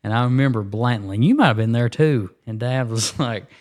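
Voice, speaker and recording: A man's voice: medium pitch, a little fast, a little mellow, slight background noise. Jokey man chatting. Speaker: podcast co-host. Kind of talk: casual chat.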